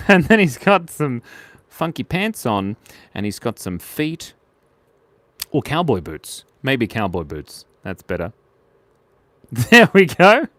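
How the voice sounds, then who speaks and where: A man's voice: mid-range voice, huge pitch swings, takes it slowly, pauses often, a bit bright, dry recording. An Australian man hosting a live drawing stream, chatting playfully with viewers and giggling at their jokes. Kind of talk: casual live drawing chat.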